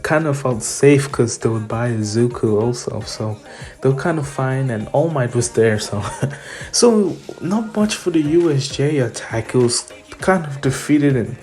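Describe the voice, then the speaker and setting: Brief: very deep-voiced woman, slow, rambling fan storyteller, giggly. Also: animated, a little mellow, faint music behind. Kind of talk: casual retelling of a fan what-if story.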